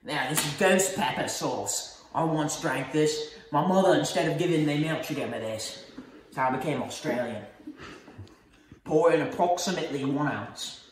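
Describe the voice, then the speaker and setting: A man hosting a parody cooking show, bossing his helper around and yelling insults between laughs. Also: a little high, moderate pace. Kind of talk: comic improvised cooking demo. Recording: roomy echoey room, faint noise.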